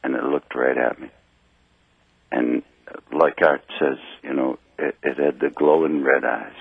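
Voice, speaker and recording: Male caller, slightly drunk, very deep gravelly voice, husky, rambling, dry tinny phone sound. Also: steady tone, dry recording. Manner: rambling, halting storytelling. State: a little drunk. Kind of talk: call-in radio chat.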